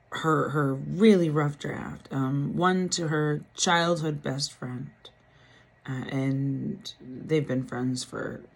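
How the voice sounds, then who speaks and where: A woman vlogger giving a rambling, halting update in one unedited take, tired and muttering. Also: low voice, darkish tone. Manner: rambling, halting, self-deprecating.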